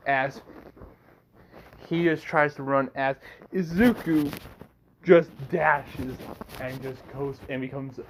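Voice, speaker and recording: A man's voice: medium pitch, takes it slowly, pauses often, a little hiss or hum. A young man improvising a fan story, rambling with many fillers.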